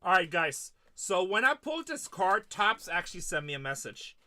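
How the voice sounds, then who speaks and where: A man's voice: high-pitched, very animated, normal speed, pushed and bright. A man hosting a live card-break stream, chatting casually and retelling stories of his conversations with customers.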